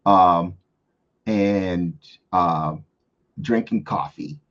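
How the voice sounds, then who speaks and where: A man playing a tabletop game, answering slowly and hesitantly. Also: deep voice, a bit bright. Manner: slow, hesitant, with laughs. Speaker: player. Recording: dull lo-fi sound.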